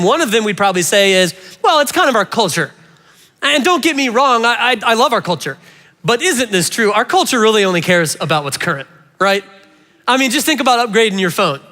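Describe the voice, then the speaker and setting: A man preaching a sermon to a church congregation, animated and playful, often addressing the audience directly. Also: sits high. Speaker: pastor. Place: large church hall. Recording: reverberant church hall.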